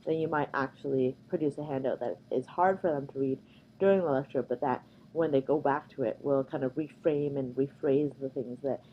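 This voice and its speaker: Canadian woman lecturer, very low voice, casual filler-heavy delivery, faint room hiss. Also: a little fast, dull audio. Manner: conversational, many ums and uhs. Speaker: workshop presenter. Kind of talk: recorded slide lecture.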